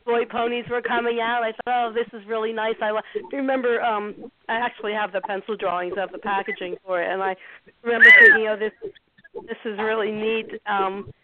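Middle-aged woman guest, high-pitched and friendly, trailing and repeating words as she recalls, heard over a tinny phone line. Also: very animated, a little fast, slight background noise. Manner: friendly, searching her memory, repeats words while recalling. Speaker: guest, former toy designer. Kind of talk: casual phone interview.

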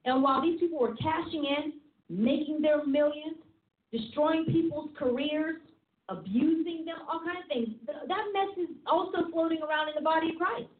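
A woman's voice: high voice, normal speed. A woman apostle preaching a teaching sermon, emphatic and repetitive with a chatty, laughing manner. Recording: tinny phone-like sound in an echoey room.

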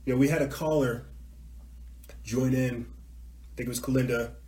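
A man's voice: medium pitch, fairly even intonation, normal speed. Ranting talk show host man in an echoey room. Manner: ranting, repetitive, swings from mutter to shouting. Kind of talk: heated monologue on a call-in show.

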